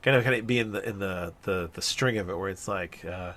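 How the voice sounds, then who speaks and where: A man's voice: low-pitched, brisk, a bit bright. A middle-aged man from New Jersey, co-hosting a podcast in casual, rambling chat, often restarting sentences and laughing. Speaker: podcast co-host.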